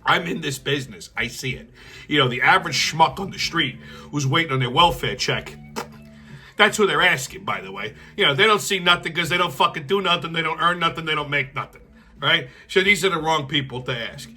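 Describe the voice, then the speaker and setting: A man's voice: on the high side, expressive, a little fast, bright, forceful tone, faint music behind. A male show host delivering a blunt, heated political commentary rant, swearing constantly.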